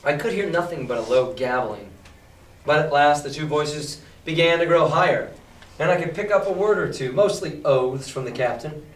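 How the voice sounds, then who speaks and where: A male teacher reading a novel aloud to a class and explaining it in a lively, emphatic way. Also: on the high side, moderate pace. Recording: echoey classroom from far off.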